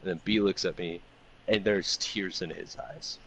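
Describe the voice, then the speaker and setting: A man co-hosting a podcast, telling a long profane party story in a loose, animated way. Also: low-pitched, normal speed, a little hiss or hum. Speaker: podcast co-host. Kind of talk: casual storytelling chat.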